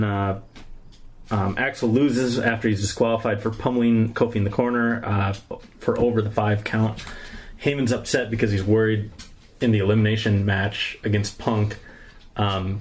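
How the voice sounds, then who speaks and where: A man's voice: lowish voice, little pitch movement, moderate pace, darkish tone, a little hiss or hum. A young man co-hosting a podcast, recapping events in a rambling, laughing way with many fillers. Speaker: podcast co-host. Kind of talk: casual chat recapping wrestling.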